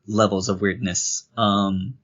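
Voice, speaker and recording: This podcast co-host is a man whose voice sits on the low side, and he speaks at a slow pace, with the high frequencies cut off. On a casual game review show, he gives a rambling, lively retelling of the plot and performs the characters' lines.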